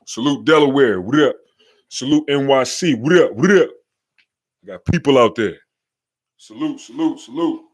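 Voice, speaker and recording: A young man with a slight New York accent, hosting a casual live-stream podcast, slangy and hyped, shouting out viewers in the chat. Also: mid-range voice, moderate pace, long pauses. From Charlotte, North Carolina. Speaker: podcast host.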